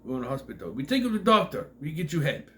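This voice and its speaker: A man's voice: a little high, sing-song, racing, fairly bright tone. A man putting on a stiff male hospital worker who speaks in clipped, repetitive broken English. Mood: reassuring.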